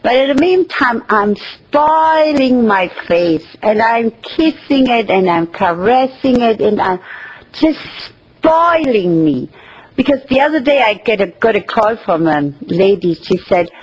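Very husky, slow-speaking woman. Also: on the high side, rough recording. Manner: slow, expressive, with pauses and soft laughs. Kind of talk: inspirational self-love talk.

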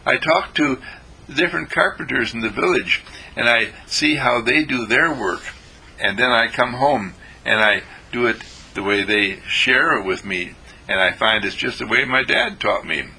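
A man doing a patient gentle teacher. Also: mid-range voice, normal speed, breathy edge, full character voice, rough recording. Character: gentle, patient male teacher explaining how he learned.

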